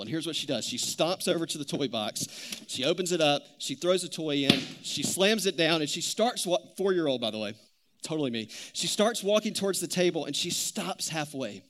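Animated male pastor preaching. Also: fairly high pitch, brisk, slight background noise. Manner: animated storytelling, conversational with many "like"s. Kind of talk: sermon.

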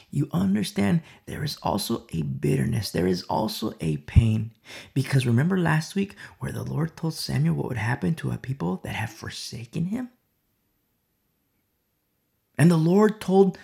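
A man's voice: fairly high pitch, creaky, darkish tone. A man teaching a Bible study in sermon style, emphatic, who repeats rhetorical questions and sometimes drops to a whisper.

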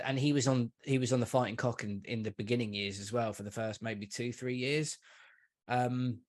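A man, a podcast guest, chatting casually about football and swearing freely. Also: medium pitch. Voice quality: swears freely, calls listener mate and man. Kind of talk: casual chat.

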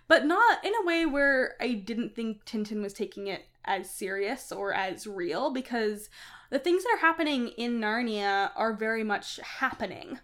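A woman of ordinary pitch talks through a story in relaxed conversation. She pauses to rethink her points, and she fills the gaps with small hesitations. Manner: thoughtful, many fillers and hedges. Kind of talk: casual book discussion.

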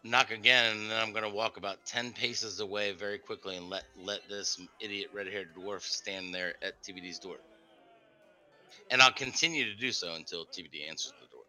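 A man's voice: on the low side, fairly even intonation, fairly quick, bright, forceful tone, poor audio. A man playing a tabletop role-playing game, stammering through hesitant explanations. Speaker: player.

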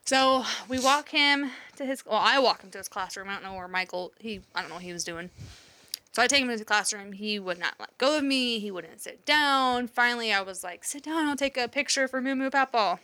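A woman's voice: mid-range voice, pushed and bright. A woman in her thirties chatting casually, telling a story animatedly and swearing freely. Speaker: podcast co-host, mother. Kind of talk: casual chat.

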